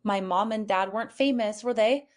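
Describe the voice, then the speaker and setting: A woman's voice: mid-range voice, moderate pace, close to an everyday voice. A woman voicing a puzzled, eager young boy who speaks hesitantly in an audiobook. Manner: hesitant, questioning.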